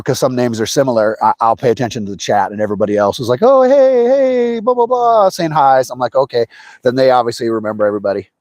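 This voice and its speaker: A man's voice: mid-range voice, no echo. A man talks to his live chat while he fishes outdoors, greeting viewers by name and rambling easily. His voice sits in an ordinary middle range. The sound is dry and close, with little room around it. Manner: chatty, greets viewers by name, excitable when a fish bites. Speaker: fishing livestream host. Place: outdoors by a trout stream.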